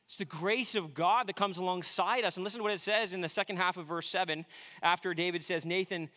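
A man in his thirties preaching a sermon, telling a family story with earnest warmth and some self-deprecating humor. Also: high-pitched, fairly even intonation, brisk. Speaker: pastor.

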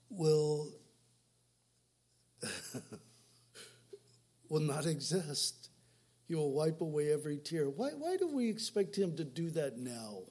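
A man's voice: on the high side, dark tone. A man in his sixties preaching a sermon in a church, speaking conversationally and putting rhetorical questions to the congregation. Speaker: pastor. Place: church sanctuary.

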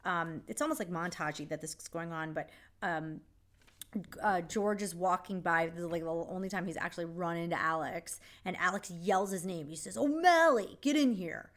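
A woman's voice: on the low side, fairly even intonation, moderate pace, a bit bright. A woman co-hosting a podcast, recapping an episode in a chatty, blunt way. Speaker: podcast co-host. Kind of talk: casual chat.

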